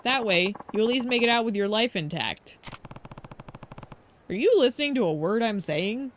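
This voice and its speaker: A woman's voice: a little high, expressive, normal speed, slight background noise, close to an everyday voice. A woman reading the lines of a cocky male street thug who calls himself a killer, taunting and swaggering. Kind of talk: reading game dialogue aloud.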